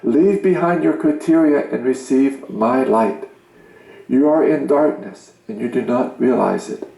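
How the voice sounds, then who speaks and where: A man giving a solemn reading of a religious message, in a grave, commanding and measured way. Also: mid-range voice, vocal fry, dark tone. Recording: roomy echo.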